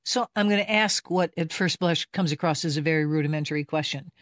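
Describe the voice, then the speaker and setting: A woman's voice: low-pitched, quick pace, no room sound, clean studio sound. A woman hosting an interview, responsive, with short affirmations and probing questions. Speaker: interview host. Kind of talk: conversational interview.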